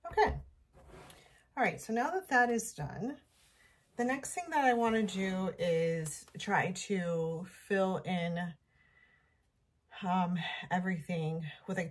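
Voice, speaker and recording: Soft-spoken woman crafting at home. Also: fairly low pitch. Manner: quiet, hushed so as not to wake a napping child; thinking aloud while working with her hands. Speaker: home decor vlogger. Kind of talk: casual crafting narration.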